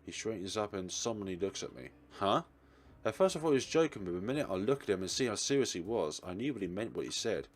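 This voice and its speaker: A man's voice: sits low, animated, quick pace, hardly any pauses. A man hosting a let's play, reading a visual novel's narration and lines aloud with expression.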